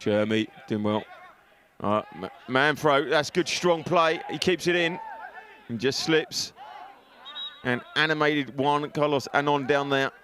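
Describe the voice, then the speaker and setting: A man's voice: a little high, unhurried, a bit bright. A man giving live football commentary from an outdoor stadium on a headset mic, chatty and joking, often laughing. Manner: jokey, chatty, laughs often, self-mocking. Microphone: headset with earpiece.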